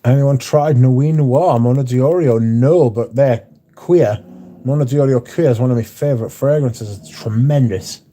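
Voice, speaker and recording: Speaking unhurriedly with a warm, medium-pitched voice, a man who is not American hosts a laid-back livestream in a windy bar. He reads viewers' chat messages aloud with blunt, mouthy delivery and plenty of swearing.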